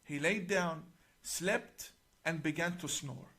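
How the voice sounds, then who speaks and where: A middle-aged man, an imam, explaining a religious book to camera in a deliberate, emphatic way, slowing on key words and reciting passages in Arabic. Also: fairly high pitch, pushed and bright, breathy edge.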